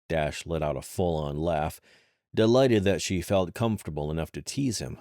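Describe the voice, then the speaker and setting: A man narrating an adventure thriller audiobook in a steady storytelling manner. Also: rumbling low, normal speed, no room sound, clean studio sound. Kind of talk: scripted narration.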